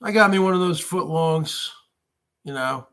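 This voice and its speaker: This is a fortysomething show host ranting on a casual livestream, sarcastic and emphatic, repeating himself as he goes. He has a fairly high, slightly bright voice that sounds clear and resonant, delivered at a measured pace.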